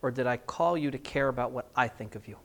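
A man voicing the Lord in a retold conversation, asking calm, probing questions. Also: mid-range voice, fast, pitched below the performer's own voice, lightly acted. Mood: gentle.

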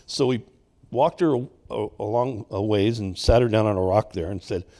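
A man in his sixties, a pastor, preaching a sermon and telling personal stories, swinging between loud, emphatic bursts and quiet asides. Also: lowish voice, normal speed.

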